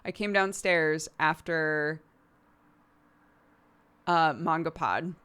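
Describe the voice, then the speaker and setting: Chatty woman streamer with smooth, lowish voice. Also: steady tone, fairly bright tone. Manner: chatty, laughs often, quick anecdotes. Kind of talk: casual chat while gaming.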